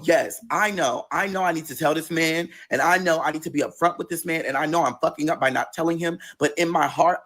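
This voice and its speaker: A man's voice: a little high, a bit bright, husky. A man telling a personal story in a casual, profane and dramatic way, acting out the dialogue as he goes.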